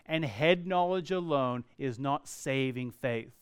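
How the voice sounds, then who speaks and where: A man preaching a sermon earnestly, swinging from loud emphasis to quiet, slow passages. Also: medium pitch, clean tone, dry recording, clean studio sound. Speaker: pastor.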